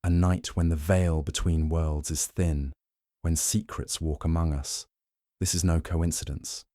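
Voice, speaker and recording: Fussy male detective, done by a man, French accent, soft but commanding, a little higher than the narration, dry close sound. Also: fairly even intonation, a little slow, no echo.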